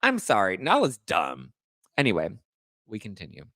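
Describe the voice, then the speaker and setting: A man hosting a podcast, gossiping about reality TV with sarcastic, animated commentary and mocking high-pitched quotes. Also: moderate pace, no room sound, clean studio sound. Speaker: podcast host.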